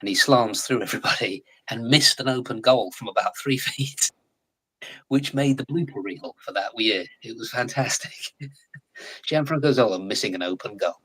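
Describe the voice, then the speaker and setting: An English man in his forties, a guest in a casual live chat, talking in a chatty, animated way and laughing often. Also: mid-range voice, normal speed, slightly rough, rough recording. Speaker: guest actor.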